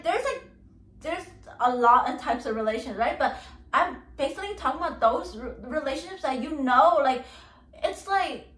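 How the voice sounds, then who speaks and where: A woman's voice: high-pitched, a bit bright. A young woman hosting a podcast, venting in a rambling, casual way, full of "like" and swearing, exasperated and repeating herself for emphasis. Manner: rambling, heavy use of "like" and "okay", swearing. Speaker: podcast host. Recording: roomy echo, distant from mic.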